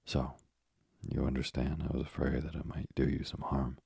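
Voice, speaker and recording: A man voicing a frail, gentle old father in an audiobook, speaking softly and wearily. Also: a bass voice, flat delivery, moderate pace, vocal fry, breathy edge, no room sound, clean studio sound, heavily acted. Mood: gentle, weary.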